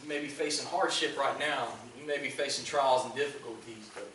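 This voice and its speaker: Earnest preaching pastor, echoey hall. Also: male voice, mid-range voice, brisk, bright, forceful tone. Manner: earnest preaching, repeats "listen" for emphasis. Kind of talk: sermon. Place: church sanctuary. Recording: echoey church hall from a distant mic with background noise.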